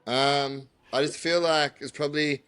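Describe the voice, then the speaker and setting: A man, a podcast guest who tells his story in a chatty, halting way with many fillers. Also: on the high side, steady tone, fairly bright tone, smooth, no room sound. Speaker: guest, electrician business owner. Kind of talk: casual podcast chat.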